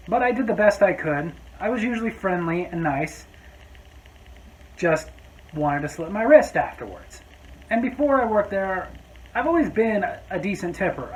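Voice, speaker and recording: A man's voice: sits high, slight background noise, low-quality recording. A man telling a story from his restaurant job in a vlog, with sarcastic, exasperated asides. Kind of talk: storytime monologue.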